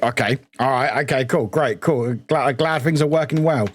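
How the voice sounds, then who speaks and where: A man's voice: medium pitch, moderate pace, slight background noise. A young British man chatting casually on a live stream, scattered and swearing, with lots of restarts.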